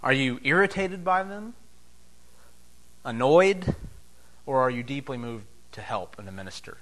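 A man preaching a sermon as pastor, emphatic, swinging between loud declarations and soft, low asides. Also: animated, unhurried.

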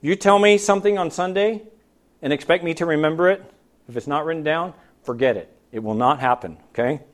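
A man preaches to his congregation with a notably high voice, pressing them with question after question. He climbs to loud, emphatic peaks and then sinks to soft, low asides. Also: fairly quick. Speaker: pastor. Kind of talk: sermon. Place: church.

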